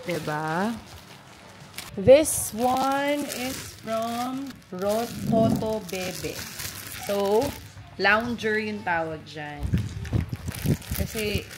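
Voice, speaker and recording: A woman's voice: mid-range voice, expressive, extremely slow, long pauses, background noise. A woman in her thirties with a Filipino accent, chatting casually as a mother in a family vlog, coaxing and motherly. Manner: coaxing, motherly, mixes Tagalog into English. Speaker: mother and vlogger. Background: music.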